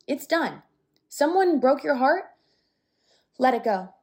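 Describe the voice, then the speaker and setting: A woman's voice: sits high, slow pace. A young woman hosting her own podcast in a casual solo talk, chatty and candid, swearing now and then and a little breathless. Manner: lively, sometimes breathless. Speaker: podcast host.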